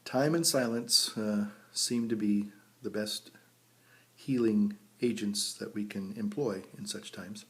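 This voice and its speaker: A man's voice: fairly low pitch, slow, fairly bright tone. A man, a priest telling rambling folksy stories in a casual vlog, recorded outdoors by a vineyard. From United States. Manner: folksy and rambling, chuckles at his own stories. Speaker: priest and pipe vlogger.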